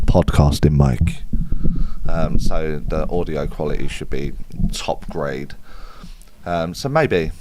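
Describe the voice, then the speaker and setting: A British spiritual medium answers viewer questions on a live stream, chatting casually, reading out comments, and responding off the cuff. His voice is very deep, and the background is noisy.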